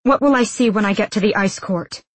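A woman reading an audiobook, voicing a fierce, defiant young woman with a breathy voice. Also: mid-range voice, moderate pace, dry recording, natural voice. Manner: sharp, demanding, raised voice.

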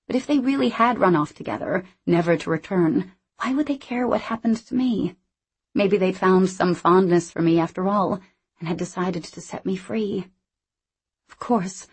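A woman narrating a novel in the first person in a measured, reflective way. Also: lowish voice, a little mellow, slightly rough. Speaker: audiobook narrator.

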